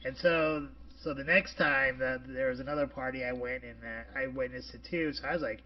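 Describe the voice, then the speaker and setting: A man in his forties co-hosting a casual podcast, talking in a rambling, halting way full of fillers. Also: medium pitch. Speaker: podcast co-host. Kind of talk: casual chat. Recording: distant lo-fi podcast audio.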